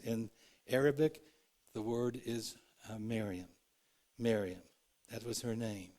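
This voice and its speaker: Man, pastor, low-pitched, earnest sermon, loud and hushed turns, church. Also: fairly even intonation, measured pace. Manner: earnest, shifts from loud to hushed, acts out quotes. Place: church sanctuary.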